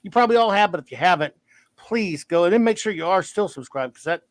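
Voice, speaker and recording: A man's voice: high-pitched, lively intonation, quick pace, no room sound. A man hosting a casual live show, rambling and self-mocking in a playful way. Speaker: livestream show host. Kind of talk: casual chat.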